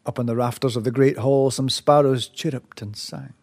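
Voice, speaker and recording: A man telling a folk tale aloud, measured and expressive, dropping softly and rising with excitement. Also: medium pitch, gravelly. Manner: measured, with lively rises and soft hushed drops. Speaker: storyteller. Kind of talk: oral folk-tale storytelling.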